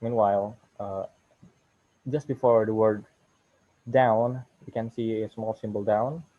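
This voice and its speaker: A young man from Indonesia, giving a halting student class presentation that walks through slide examples. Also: on the low side, fairly even intonation. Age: young adult. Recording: muffled lo-fi recording.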